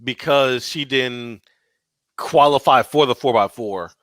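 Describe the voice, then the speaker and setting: A man's voice: mid-range voice, takes it slowly, a bit bright, no room sound. A man co-hosting a podcast, talking things through casually with everyday examples. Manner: reasoning aloud with examples, conversational. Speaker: podcast co-host. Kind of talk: casual chat.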